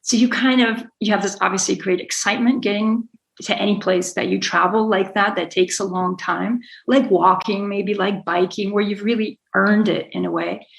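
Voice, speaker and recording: A woman's voice: medium pitch, steady tone, normal speed, vocal fry, rough recording. A middle-aged woman being interviewed, talking at length in a rambling, self-correcting way with frequent small laughs. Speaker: guest, sailor and author. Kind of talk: conversational interview.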